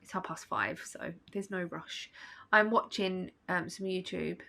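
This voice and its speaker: A woman's voice: lowish voice, a little slow, creaky, bright, forceful tone. A woman vlogging at home in a casual, rambling chat, sleepy and yawning. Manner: chatty, rambling, with fillers and small laughs.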